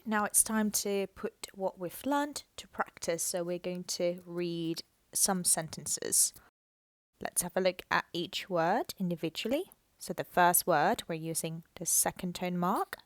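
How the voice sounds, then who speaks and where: A woman teaching a language lesson, slowly modelling syllables aloud and explaining each one clearly. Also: on the low side, no echo.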